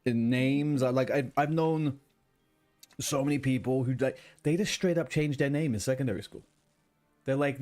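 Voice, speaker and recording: A man's voice: medium pitch, normal speed, a little mellow, faint music behind. A man streaming a game, chatting casually and rambling between tasks, swearing now and then. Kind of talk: casual gaming chat.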